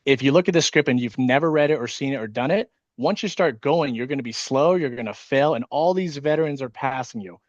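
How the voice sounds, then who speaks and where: Jittery team-leader guy on a video call, rapid casual talk with lots of swearing, mid-pitched voice, dry and a bit dull audio. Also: no room sound. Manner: fast, casual, swears often. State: nervous and wired on caffeine. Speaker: insurance sales team leader. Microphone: video call microphone.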